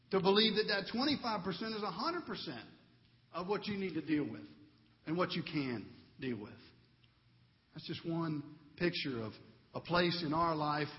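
A man in his thirties delivers a sermon in a relaxed, talky way and tells stories about family life. His voice sits high. The recording is dull and muffled, with the long echo of a large church. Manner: conversational preaching with storytelling and a closing prayer. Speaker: pastor.

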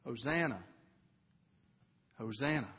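A man's voice: mid-range voice, lively intonation, takes it slowly, slightly rough, long reverb tail, dull audio. A man preaching a sermon as pastor in a church, earnest and building to fervent emphasis. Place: church sanctuary.

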